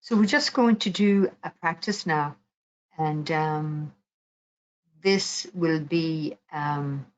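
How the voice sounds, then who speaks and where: Calm mindfulness teacher, a woman with a low voice and a gentle, unhurried delivery; slightly dull recording. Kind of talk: guided mindfulness talk.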